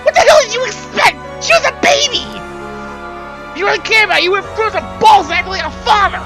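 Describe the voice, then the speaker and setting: A streamer voicing a hostile investigator from a game, shouting contemptuous accusations at a killer. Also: medium pitch, sing-song, a little fast, creaky, over music, voice pushed up. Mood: furious. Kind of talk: reading game dialogue aloud on a stream.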